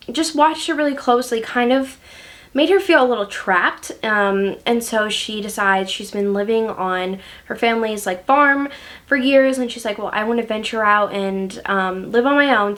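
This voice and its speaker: A woman's voice: fairly high pitch, a bit bright. A woman chatting casually about books she loves, gushing and using many fillers. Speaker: book reviewer. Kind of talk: casual book review chat.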